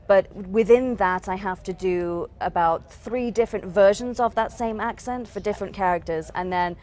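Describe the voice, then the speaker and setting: A woman's voice: medium pitch, moderate pace, darkish tone. A young woman with a Northern English accent, a stage actress chatting as a guest in a TV interview, laughing often and restarting her sentences. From England. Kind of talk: casual TV interview.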